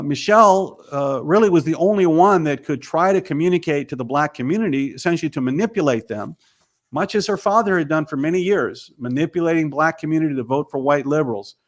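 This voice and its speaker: A man, a filmmaker and author, telling his story emphatically as an interview guest. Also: a little high.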